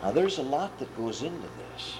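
A man preaching a sermon and retelling a parable with earnest, animated storytelling. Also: medium pitch, normal speed, noisy background.

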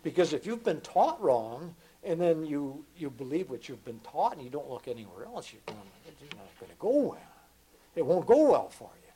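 An older man delivers a sermon in an earnest, emphatic way. His fairly high voice rises and falls widely, and he often repeats words and drops to a hush for weight. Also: big pitch swings, moderate pace, slightly rough, low-quality recording. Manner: earnest, emphatic, repeats words, swings between loud and hushed. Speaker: preacher.

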